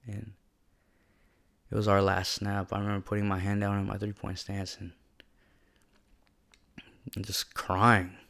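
In a personal reflective monologue, a young man speaks at normal speed in a low, creaky voice with a completely flat delivery and frequent pauses. His story comes out casual, slangy, and heartfelt, with emotion and constant use of "like."

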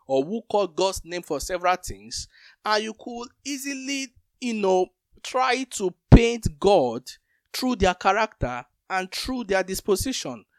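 A man's voice: sits high, big pitch swings, measured pace, no echo, clean studio sound. A man co-hosting a Bible teaching talk, explaining scripture with everyday comparisons.

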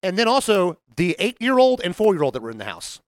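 A man with a drawl tells a neighborhood story at a rapid clip, his pitch swinging widely as he acts out what everyone said. He sits a little high for a man's voice. The sound is dry and close. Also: dry recording. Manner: animated storyteller, acts out quotes, laughs often. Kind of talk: casual storytelling chat.

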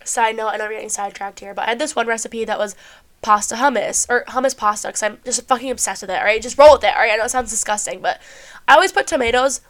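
A woman's voice: on the high side, fast, fairly bright tone. A young woman hosting a podcast, sounding a bit stuffy, chatting casually about self-help and swearing freely with lots of "like". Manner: chatty, swears often, heavy use of "like". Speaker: podcast host.

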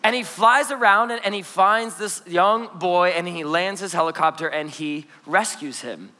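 High, bright-voiced joking pastor. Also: male voice, moderate pace. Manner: lively, joking, storytelling with playful asides. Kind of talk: energetic conversational sermon. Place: church auditorium. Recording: long hall reverb in a church.

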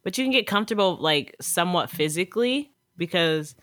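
A woman's voice: lowish voice, lively intonation, fairly quick, a bit bright, no room sound, clean studio sound. A woman co-hosting a podcast in casual chat, talking loosely with lots of "like" and frequent laughs. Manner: laughs often, chatty with lots of "like". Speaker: podcast co-host.

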